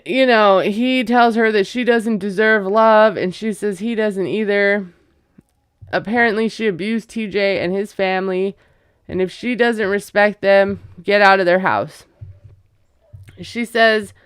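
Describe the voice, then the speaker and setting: A woman's voice: medium pitch, a little slow, clear, resonant tone, no echo, studio quality. A woman casually recapping a reality show, chatty and gossipy, acting out quotes and laughing as she goes. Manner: gossipy, retells scenes with quoted voices and laughs.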